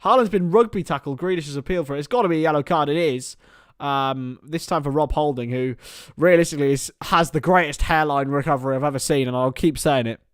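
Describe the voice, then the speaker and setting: A man's voice: on the high side, fast talker, clear, resonant tone, no echo, clean studio sound. A young man hosting a live stream, casually commenting on a football match and chatting with viewers by name, laughing often.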